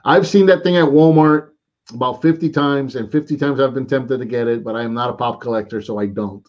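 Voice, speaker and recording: Speaking briskly in a medium-pitched, slightly mellow voice, an American man co-hosts a live stream about toy collecting. He rambles casually and keeps saying "man," and the sound is lo-fi.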